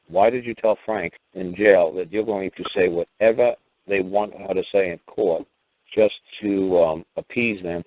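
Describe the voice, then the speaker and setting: Deep-voiced man on a tinny phone line. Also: no room sound. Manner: rambling, repeats "you know", restarts often. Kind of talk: rambling phone-in monologue.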